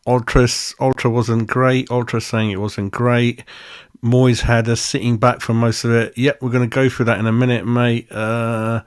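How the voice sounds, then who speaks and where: A man's voice: medium pitch, little pitch movement, moderate pace, smooth. A man hosting a casual live-stream football match review, blunt and laughing, swearing and calling everyone mate. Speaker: football fan channel host. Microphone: desk microphone.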